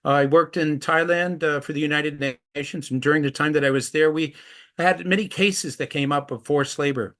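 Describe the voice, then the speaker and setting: This is a middle-aged man who campaigns against trafficking, presenting his stories with earnest conviction and performing the quoted voices in each anecdote. He speaks at a moderate pace in a fairly high, slightly bright voice with fairly even intonation.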